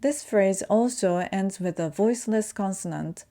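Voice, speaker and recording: A woman whose first language is Japanese gives a pronunciation lesson, speaking slowly and carefully as she demonstrates sounds. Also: mid-range voice, mellow. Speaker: language teacher.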